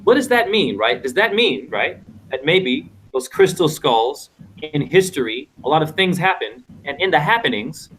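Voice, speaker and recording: Man, online panel host, rambling, lecturing, slightly high pitch, video call. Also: big pitch swings, moderate pace, fairly bright tone, slight background noise. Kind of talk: casual online panel talk.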